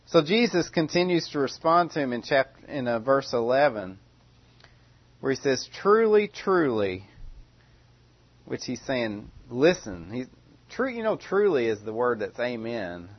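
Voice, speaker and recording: A man's voice: medium pitch, animated, moderate pace, highs cut off. Man preaching a conversational sermon. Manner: conversational, questioning, with frequent restarts.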